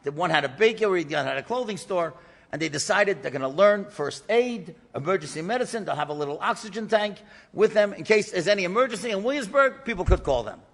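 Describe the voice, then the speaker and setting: A man, a rabbi, telling a story in an animated lecture and acting out the voices of the people in it. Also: sits high. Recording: lecture in a reverberant hall.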